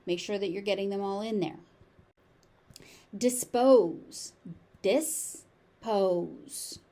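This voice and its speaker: A woman with a General American accent teaching pronunciation, saying each word slowly, sometimes syllable by syllable. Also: mid-range voice, dark tone. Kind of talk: slow, deliberate pronunciation lesson.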